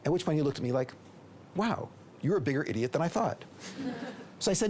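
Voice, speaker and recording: A middle-aged rabbi from the United States giving a storytelling lecture, acting out dialogue and at times dropping to a whisper. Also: male voice, a little high, fast talker, long pauses, a little hiss or hum. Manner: lively storyteller who acts out dialogue and drops to a whisper.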